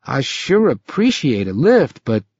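A man's voice: mid-range voice, sing-song, unhurried, a little mellow, slightly rough, no room sound. A man voicing a frightened young male hitchhiker who turns out to be a shape-shifter, talking in an anxious, pleading, hesitant way. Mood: friendly, uneasy. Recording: slightly muffled recording.

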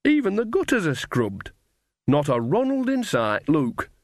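A cheerful, earthy old witch woman, coarse and jolly, her lines lifted high and lively, as a male reader puts her on. The recording is close and dry. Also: a little slow, no echo, full character voice.

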